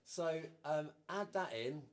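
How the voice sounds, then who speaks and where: A man teaching a drum lesson, casually explaining a groove and counting the beats out loud. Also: on the high side, slow pace. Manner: relaxed, counts beats aloud.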